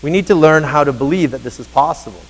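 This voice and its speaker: A man in his thirties delivers an earnest motivational talk from a stage, his voice sitting a little high for a man. It rings out with a long hall reverb, and he presses his points home by speaking straight to the crowd. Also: animated, fast, husky. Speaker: conference speaker for teachers.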